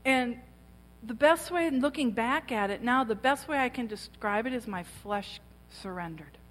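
A woman's voice: on the high side, expressive, unhurried, a bit bright. A woman preaching a personal testimony to a women's gathering, telling her story and acting out the voices of others. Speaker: speaker at a women's church gathering. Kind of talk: sermon testimony. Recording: long reverb of a large hall.

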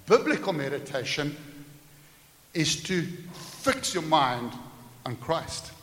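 A man preaching a sermon to a congregation, animated, acting out everyday scenes and joking with his listeners. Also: on the high side, takes it slowly. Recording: echoey hall with faint hiss.

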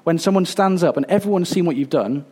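Earnest male pastor with a mellow voice. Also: sits high, husky. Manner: earnest, halting with fillers and restarts. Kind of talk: sermon.

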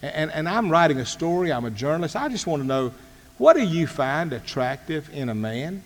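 A nervous single man in his thirties works up his courage, as a male speaker quotes him. The voice drops lower and quieter, like muttered thoughts. A long hall reverb hangs behind it. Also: very animated, moderate pace.

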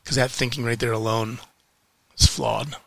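A man ranting in a frustrated vlog, heated and swearing, repeating phrases for emphasis with weighty pauses. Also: mid-range voice, fairly even intonation, creaky, fairly bright tone, no room sound. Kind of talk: frustrated political rant to camera.

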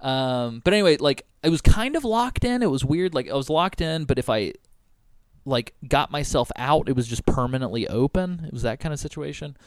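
Young male podcast host, chatty rambler, mid-pitch, dry close sound. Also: expressive, a little fast, clean tone, dry recording. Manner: rambling, heavy on "like" and "um", swears casually. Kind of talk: casual storytelling chat.

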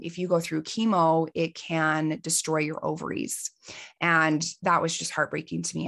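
A woman in her forties, a life coach hosting her own podcast, telling a personal story in an earnest, heartfelt way, with pauses and fillers. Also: sits low, fairly bright tone. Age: 40s.

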